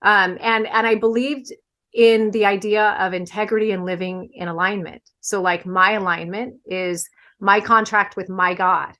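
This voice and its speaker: Bright-voiced woman explaining her beliefs. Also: mid-range voice, fairly even intonation, normal speed. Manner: earnest, explaining with everyday examples. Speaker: podcast guest. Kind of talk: casual podcast conversation.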